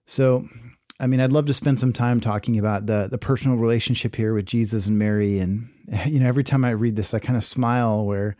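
A man giving a sermon, reading scripture aloud and then explaining it in a relaxed, conversational way with many fillers. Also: mid-range voice, fairly quick, dry recording, studio quality. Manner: casual, conversational preaching with fillers. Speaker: pastor.

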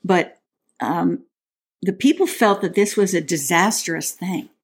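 Chatty woman with a lowish voice. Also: unhurried, husky. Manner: chatty and playful, with frequent restarts. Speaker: podcast co-host. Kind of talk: casual chat with scripture reading.

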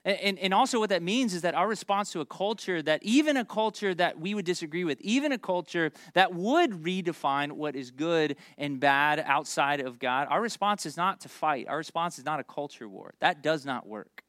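A pastor from Memphis preaching a conversational sermon, joking and talking straight to the congregation. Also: male voice, fairly high pitch, animated, normal speed, hardly any pauses, a bit bright, dry recording, studio quality. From Memphis, United States. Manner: conversational and joking, with asides to the crowd.

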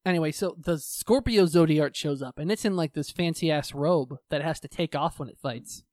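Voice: medium pitch, moderate pace, darkish tone, no room sound, clean studio sound. A co-host in casual chat, recapping a show in a rambling, profane way and slipping into voices for the characters. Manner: profane, rambling, acts out quotes in put-on voices.

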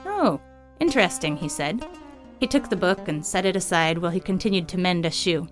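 A woman narrating her own missionary story in a gentle, earnest reading. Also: on the low side, fairly even intonation, a little fast, soft background music. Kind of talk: scripted narration.

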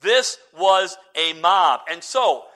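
Male pastor, high bright voice, lively sermon, loud then hushed, joking asides. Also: slow. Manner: lively preaching, swings between loud and hushed, quips.

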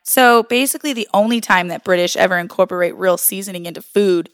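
Brief: woman podcast co-host, mid pitch, blunt and laughing, dry close mic. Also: fast talker, dry recording. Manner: laughs often, blunt and swears casually. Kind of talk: casual chat.

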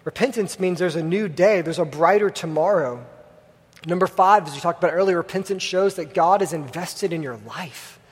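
A man's voice: high voice, normal speed, husky. A young man preaching a sermon in a church, telling a story casually with many fillers. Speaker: pastor. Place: church hall with congregation. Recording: long hall reverb.

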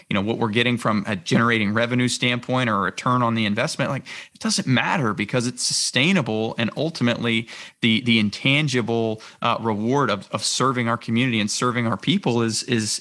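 Bright-voiced earnest man. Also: medium pitch. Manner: earnest, quick, filler-heavy. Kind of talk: podcast conversation.

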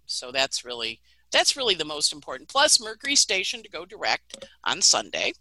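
A chatty middle-aged woman talking through the week's astrology with lively animation and the odd laugh. Her voice is very bright and tense, recorded close and dry with no room sound. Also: low voice, dry recording, low-quality recording. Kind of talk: casual astrology forecast chat.

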